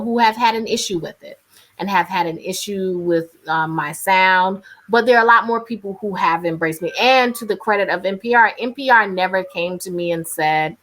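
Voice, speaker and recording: A woman with a North Carolina accent talks candidly on a video call. Her voice is bright and forceful. She chats freely as an interview guest, laughs easily and is in her thirties. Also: medium pitch. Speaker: radio journalist, interview guest. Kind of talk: casual interview talk.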